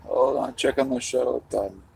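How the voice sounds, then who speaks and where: A man's voice: mid-range voice, unhurried, vocal fry, slight background noise, poor audio. A man hosting a live stream, rambling to his chat while eating, swearing casually as he goes. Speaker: livestream host.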